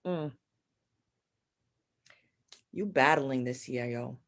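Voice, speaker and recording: A woman giving a live horoscope and spiritual reading to an audio chat room, blunt and profane, swinging from loud urging to soft murmurs, with repetitive chant-like phrasing. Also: very deep voice, extremely slow. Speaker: astrology and spiritual reader.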